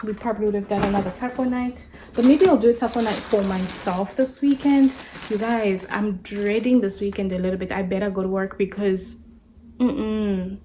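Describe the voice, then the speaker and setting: A woman's voice: medium pitch, darkish tone, a little hiss or hum. A woman, a mother, chatting casually at home as she shows a grocery haul, rambling with many fillers and restarts. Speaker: mother and lifestyle vlogger.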